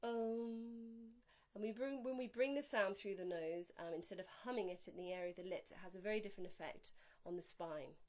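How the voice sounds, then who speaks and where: A woman teaching how to pronounce a Sanskrit mantra, explaining calmly and clearly. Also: on the low side. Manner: calm, explanatory, slowing to a drawn-out chant on each Sanskrit word. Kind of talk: spoken pronunciation lesson with chanted examples.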